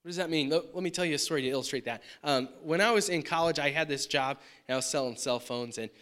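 A man's voice: fairly high pitch, fast, a bit bright, smooth. A man in his thirties preaching a sermon, telling a story in a conversational way and asking rhetorical questions. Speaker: pastor. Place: church sanctuary.

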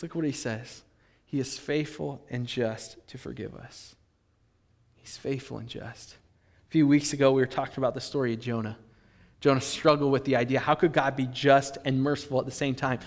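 A man preaching a sermon as pastor, animated, acting out imagined speakers and swinging between loud and soft. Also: medium pitch, moderate pace, in a large hall.

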